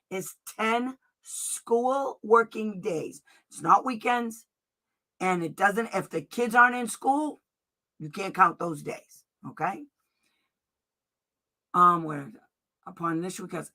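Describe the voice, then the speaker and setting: A woman's voice: mid-range voice, sharp tone. A woman advocate giving an informal lesson, emphatic and direct, reading letter passages aloud and checking in with "okay?". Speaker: special education advocate. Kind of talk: informal teaching presentation.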